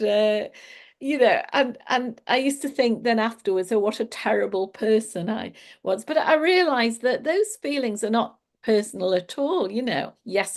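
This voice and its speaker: A woman giving a casual, reflective spiritual talk, laughing often as she explains. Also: fairly high pitch. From England. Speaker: spiritual teacher.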